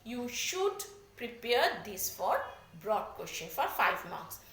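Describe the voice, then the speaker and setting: Woman, Indian English accent, geography teacher, repeats and spells out key points, high voice, lively. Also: takes it slowly, echoey room, slight background noise. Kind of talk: classroom lecture.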